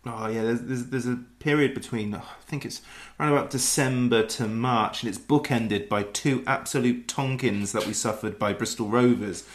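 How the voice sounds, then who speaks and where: Male podcast host, mid-pitched, eager fan energy, relaxed interview chat. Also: moderate pace. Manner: enthusiastic supporter, chatty, laughs easily. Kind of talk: casual interview.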